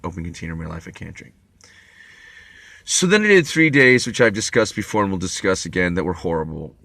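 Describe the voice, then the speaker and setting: Man, wry profane storyteller, bright tone, dry room. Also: sits low, creaky, no room sound. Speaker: vlogger. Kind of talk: rambling monologue.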